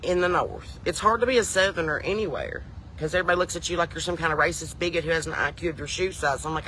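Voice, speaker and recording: A woman's voice: fairly low pitch, fast talker, a bit bright, slight background noise. A woman with a thick Southern US drawl, telling folksy, rambling comedy stories in casual chat. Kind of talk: chatty comedic storytelling.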